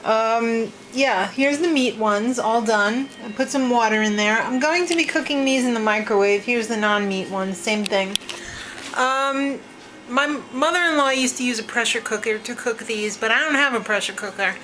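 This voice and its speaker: A woman hosting a vlog chats casually, starting in her home kitchen and ending up in the yard outside, laughing often and recoiling in mock disgust. Her slightly high voice has a fairly bright tone and a moderate pace, and the home recording is noisy.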